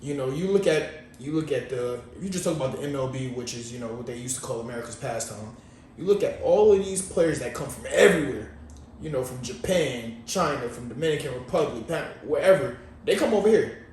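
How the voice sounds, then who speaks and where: A man's voice: mid-range voice, lively intonation, brisk, a little mellow, distant mic. A man co-hosting a podcast in casual chat, rambling and slangy in a laid-back way. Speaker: podcast co-host. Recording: echoey room, off-mic, faint noise.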